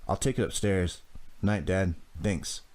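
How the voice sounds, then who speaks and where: A shaken, exhausted teenage boy from a teen thriller audiobook, voiced by a man. The low voice sounds weary throughout. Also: measured pace, a little mellow.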